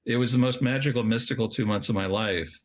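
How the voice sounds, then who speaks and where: A man's voice: medium pitch, fast. A middle-aged man, a podcast guest, telling a long personal story in a rambling way, restarting sentences and laughing at himself. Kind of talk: storytelling in an interview.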